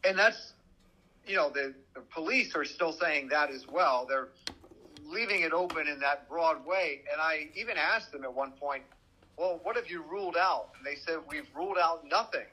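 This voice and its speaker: A man's voice: fairly high pitch, normal speed, bright, forceful tone, poor audio. A man who works as a news reporter, talking on a podcast and recounting events in a direct way. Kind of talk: conversational true-crime podcast.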